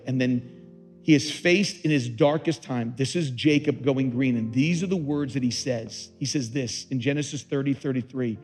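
A man preaching a sermon as pastor, moving between hushed, slow passages and loud, rising emphasis. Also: a little high.

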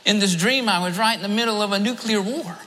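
A fervent male preacher speaks fast in a high, bright, forceful voice, hammering his points home by repeating phrases. His sermon fills a large hall, and each phrase fades into a long echo.

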